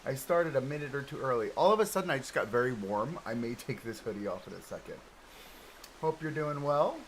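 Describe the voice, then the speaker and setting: Streaming a game from home, this man talks close to a desk mic in front of him, staying easygoing and self-deprecating and laughing a lot. His mid-range voice is animated and fairly quick, and the rough recording carries slight background noise.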